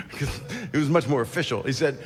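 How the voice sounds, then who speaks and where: A middle-aged stand-up comedian rambles through a crude routine, constantly breaking off into digressive asides and interrupting himself. His voice is medium in pitch with a breathy edge, delivered at a normal speed. The recording carries the reverb of a hall and the ambience of a crowd.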